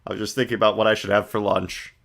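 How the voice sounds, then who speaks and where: A dry, unimpressed young lawyer speaks in a flat monotone, as read by a male streamer in his own voice. The voice stays bright and level, with no theatrics. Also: lowish voice, fast talker, creaky. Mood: deadpan. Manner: deadpan monotone.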